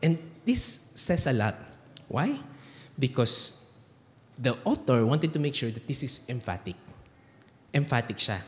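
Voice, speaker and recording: A man's voice: mid-range voice, in a large hall. A man with a Filipino accent preaching a sermon, emphatic and mixing English with Tagalog in a church. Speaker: pastor. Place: church sanctuary.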